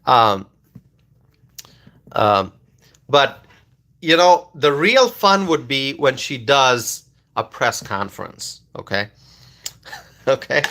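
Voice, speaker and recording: Bright-voiced male live streamer, emphatic. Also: medium pitch, lively intonation, very slow, long pauses. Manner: repetitive, emphatic, reads viewer comments aloud. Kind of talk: casual political commentary live stream.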